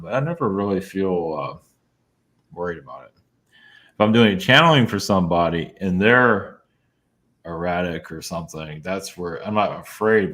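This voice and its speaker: Deep-voiced, halting male guest. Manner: soft-spoken, halting, many fillers and little laughs. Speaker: guest, channeler. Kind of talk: casual interview talk.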